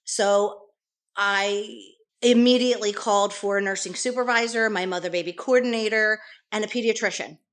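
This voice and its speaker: Middle-aged nurse lady telling what happened on her shift, earnest, lots of restarts, medium-pitched voice. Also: steady tone, normal speed, fairly bright tone. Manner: earnest, detailed recounting with frequent restarts. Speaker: nurse guest. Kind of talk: conversational interview storytelling.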